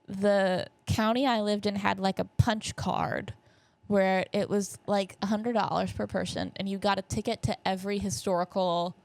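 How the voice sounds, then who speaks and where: Young woman podcast host, chatty rambler, vocal fry, dry close mic. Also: mid-range voice, no room sound. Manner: rambling, self-correcting, jokey storytelling. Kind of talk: casual chat.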